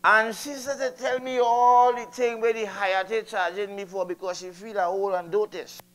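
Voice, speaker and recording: Casting: high-voiced older Trinidadian man, stand-up comic, chats and ribs the crowd. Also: fairly even intonation, moderate pace, fairly bright tone. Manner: chatty, teasing the audience. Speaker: stand-up comedian. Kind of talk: stand-up comedy routine. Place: live comedy venue.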